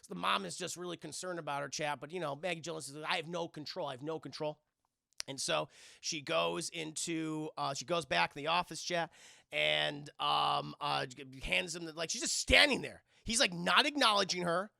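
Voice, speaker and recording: Man, high voice, very bright and sharp, rambling excitable recap, swears, dry close sound. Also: moderate pace, gravelly, no room sound. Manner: excitable, rambling, swears a lot, restarts often. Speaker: streamer reviewing a film. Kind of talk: casual live-stream recap to chat.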